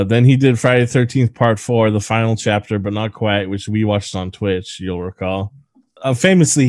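A man's voice: lowish voice, darkish tone, dry recording. A man co-hosting a casual movie-review podcast, sharing trivia with profanity and frequent laughter. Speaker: podcast co-host.

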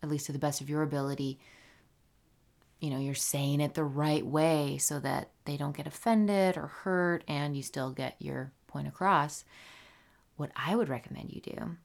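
A woman hosting a solo podcast, talking casually and playfully, with animated swings and soft whispered asides. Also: low-pitched, moderate pace, creaky. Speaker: podcast host.

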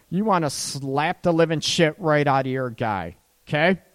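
A man with a higher, slightly bright voice speaks expressively at a measured pace, offering casual advice on relationships. He keeps it loose and chatty, asking "right?" often and laughing at his own lines.

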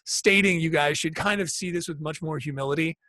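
A man's voice: fairly high pitch, fairly quick, bright, forceful tone, dry recording. A man chatting casually as a podcast guest, rambling and swearing freely. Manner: rambling, profane, puts on goofy voices.

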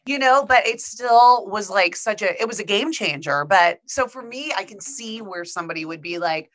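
A middle-aged woman co-hosting a podcast, talking in an animated way and filling her sentences with "like". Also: medium pitch, normal speed, poor audio. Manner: animated, many "like" fillers. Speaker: podcast co-host. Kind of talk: casual podcast chat.

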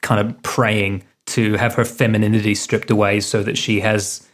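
A man telling stories in lively casual chat, swearing freely. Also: on the low side, normal speed. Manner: animated, swearing, tells stories. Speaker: podcast co-host.

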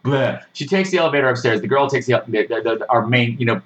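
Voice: mid-range voice, fast, dull audio. A podcast host giving a sarcastic, exasperated rant while reviewing a horror movie, swearing freely. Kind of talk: casual ranting movie review.

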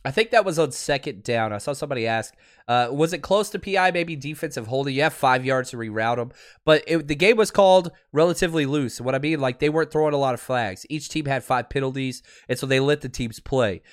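A man's voice: mid-range voice, a little fast. A man hosting a football podcast livestream, talking casually and animatedly to his chat and laughing often. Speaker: podcast host; teacher and football coach.

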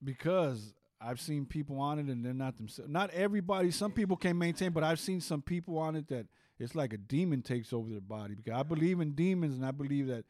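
A man's voice: on the high side, expressive, fast talker, hardly any pauses, a little mellow, dry recording, clean studio sound. A man guesting on a podcast, telling rambling, profane stories in casual chat and often repeating himself.

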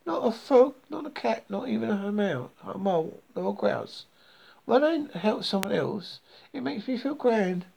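Reader doing a kind helpful little mouse, storybook, high voice, slow. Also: lively intonation, gravelly, husky, exaggerated voice. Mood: sad. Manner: gentle, rhyming storybook voice.

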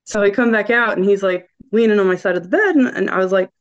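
A woman's voice: medium pitch, fast. A woman guest with a regional American accent telling a story in casual chat, laughing and acting out quotes. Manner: chatty, laughing, quotes people in lively voices. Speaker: podcast guest. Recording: dull lo-fi sound.

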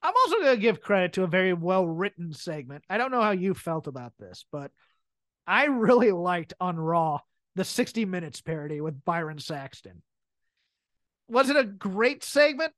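A woman's voice: fairly low pitch, big pitch swings, normal speed, no echo. A woman co-hosting a podcast, chatting casually about wrestling comedy and laughing often as she breaks scenes down. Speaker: podcast co-host. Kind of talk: casual wrestling commentary chat.

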